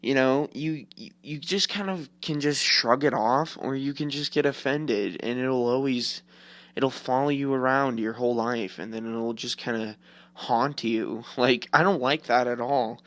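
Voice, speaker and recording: A man's voice: medium pitch, a little slow, fairly bright tone, no room sound. A man in his twenties hosts a casual podcast rant, rambling on with constant filler words and plenty of swearing. His voice sits in an ordinary middle register. The recording is dry, with no room sound around him. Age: 20s. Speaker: podcast host.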